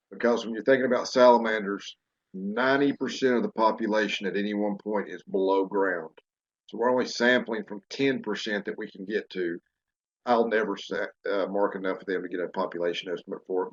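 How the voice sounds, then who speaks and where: Southern male wildlife professor, low-pitched, plain explainer, muffled lo-fi audio. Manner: explanatory, unhurried, with many fillers. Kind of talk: casual educational discussion.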